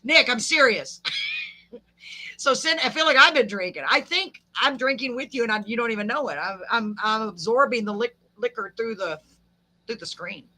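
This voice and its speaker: A woman's voice: a little high, lively intonation, moderate pace, pushed and bright. A woman hosting a live podcast, chatting and laughing with a guest and tossing in folksy sayings. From Texas. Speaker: podcast host. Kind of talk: casual live chat with a guest.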